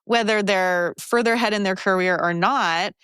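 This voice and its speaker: A woman's voice: mid-range voice, moderate pace, a bit bright, smooth, no room sound, studio quality. A woman hosting a podcast, speaking in an upbeat, encouraging, casual way. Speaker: podcast host. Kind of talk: casual podcast chat and ad read.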